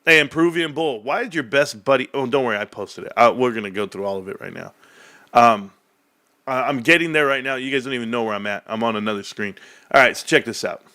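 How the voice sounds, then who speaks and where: A man streams a casual rant about stocks, talking fast in a sharp tone. His brash trash talk is broken by bursts of laughter and mock voices, and he swings between hyped energy and low muttering.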